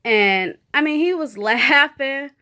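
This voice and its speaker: A woman's voice: high-pitched, animated, slow pace, sharp tone. A woman giving a candid, emotional personal video update in casual, chatty speech full of fillers like "you know" and "like". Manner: chatty and candid, full of 'you know' and 'like'; emotional, talks openly through her feelings. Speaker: vlogger.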